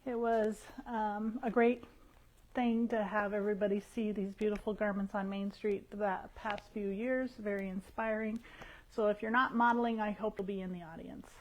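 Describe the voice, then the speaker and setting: A woman's voice: mid-range voice, steady tone, moderate pace, poor audio. A woman who owns a yarn shop, chatting casually through the week's events on a shop livestream. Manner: chatty, rambling, warm with regulars.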